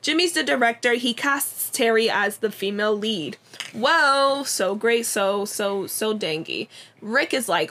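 A young woman with a slightly high voice, chatting as a podcast co-host. She retells a TV episode in a loose, casual way, peppered with "like" and quick quoted lines. Her tone is easygoing and conversational. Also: lively intonation, bright, forceful tone. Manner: chatty, lots of "like" and quoted dialogue. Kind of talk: casual chat recapping a TV episode.

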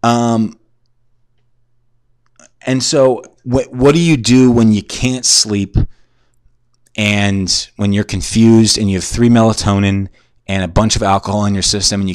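Drunk and concussed at home in a shared house, a twentysomething podcast host tells a crude, profanity-laced tale. His lowish voice wanders through digressions and self-mockery, captured in a dry, studio-quality recording.

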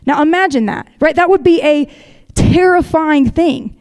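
A woman's voice: high-pitched, moderate pace, darkish tone. A woman giving a sermon, reading scripture aloud and explaining it conversationally, inviting listeners to picture the scene. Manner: reads scripture aloud steadily. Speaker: preacher.

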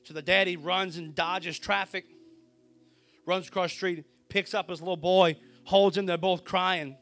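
Preacher swinging from hush to shout. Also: male voice, sits high, steady tone, a little slow, faint music behind. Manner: dramatic storytelling, swinging from hushed to shouting. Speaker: pastor. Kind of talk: sermon.

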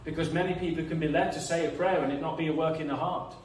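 A man's voice: on the high side, fairly even intonation, fast talker, slight background noise. A man preaching a sermon in an earnest, reasoning way, often repeating words as he thinks. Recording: echoey room, mic some distance away.

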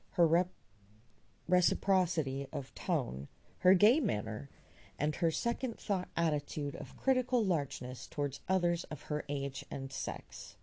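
A woman narrating a classic novel in a measured, expressive reading voice. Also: low-pitched. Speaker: audiobook reader.

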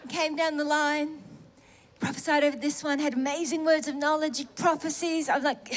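A middle-aged woman telling a personal testimony in a sermon, animated and self-mocking, laughing through emotional moments. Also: sits high, normal speed, slight background noise. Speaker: preacher sharing a testimony.

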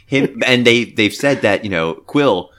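A man co-hosting a casual movie review podcast, talking in an animated, theorizing way with many fillers. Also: medium pitch, a little slow. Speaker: podcast co-host.

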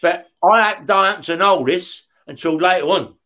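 A man's voice: high voice, measured pace, pushed and bright. A middle-aged man tells prison stories in an interview, swearing heavily and acting out the dialogue. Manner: heavy swearing, acts out the dialogue in his stories. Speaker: guest, former career criminal. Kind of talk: casual storytelling in an interview.

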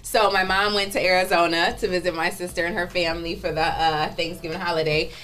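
A woman's voice: fairly low pitch, level tone, fairly quick, fairly bright tone, faint music behind. A woman co-hosting a morning show in a studio, chatting casually and often laughing through her stories. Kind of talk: casual chat.

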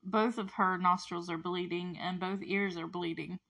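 A woman casually recapping a TV episode, chatty and animated, with lots of fillers and asides. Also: lowish voice, moderate pace, vocal fry. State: close to tears at moments. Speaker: show recap host.

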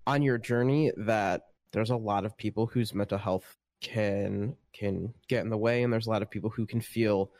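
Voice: medium pitch, steady tone, normal speed, few pauses, a little mellow, no room sound. A participant in a casual group discussion over an online call, speaking hesitantly and repeating words.

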